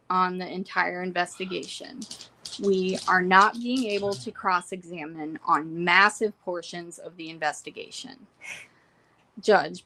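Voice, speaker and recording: A young adult woman casually recapping courtroom notes from home, reading quotes and adding quick asides. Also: medium pitch, a bit bright. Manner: reads court quotes then adds asides. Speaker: trial reporter. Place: home room with pets.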